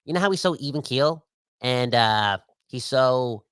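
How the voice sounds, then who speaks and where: A man co-hosting a sports podcast, ranting with lots of exclamations. His voice is mid-pitched and jumps up when he gets worked up. The sound is dry and close. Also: a little slow, clear, resonant tone, dry recording. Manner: animated, ranting, exclaims often. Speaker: podcast co-host. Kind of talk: casual sports podcast chat.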